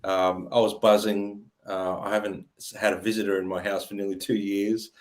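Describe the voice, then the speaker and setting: A man co-hosting a casual live-stream chat, relaxed and hesitant with many filler sounds. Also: on the low side, moderate pace. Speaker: co-host, guitar player.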